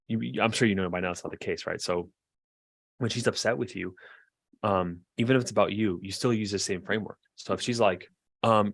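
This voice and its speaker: A man working as a marriage therapist, giving a lively coaching lesson in a chatty way and acting out quoted voices. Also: lowish voice, brisk, creaky, no room sound. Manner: lively, acts out quoted voices, chuckles often; conversational, frequent fillers like "like" and "right".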